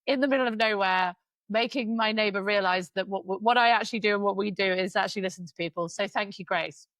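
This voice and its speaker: A woman's voice: medium pitch, fast talker, fairly bright tone, dry recording. A woman in her forties co-hosting a podcast, telling stories in casual chat and swearing freely. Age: 40s. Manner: chatty storyteller, swears freely. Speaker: podcast co-host.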